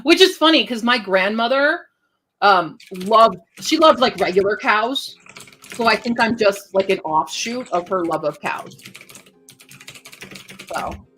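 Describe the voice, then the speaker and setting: A woman's voice: medium pitch, lively intonation, unhurried, pauses often, fairly bright tone, slight background noise. A woman chatting casually on a writing livestream at home, gushing and giggly. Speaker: writing streamer.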